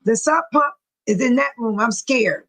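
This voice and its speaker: A middle-aged woman from California talks casually on a livestream from her home, and her voice sits notably high. She chats loosely and warmly with her viewers, calls them by name, and breaks into frequent laughs. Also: unhurried, rough recording. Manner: chatty, laughs often, addresses viewers by name. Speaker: livestream host. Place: home room near a bathroom.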